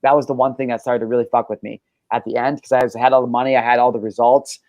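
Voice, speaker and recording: A man's voice: medium pitch, little pitch movement, fast talker, darkish tone, dry recording. A man hosting a casual podcast, talking in a brash, boastful and profane way. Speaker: podcast host.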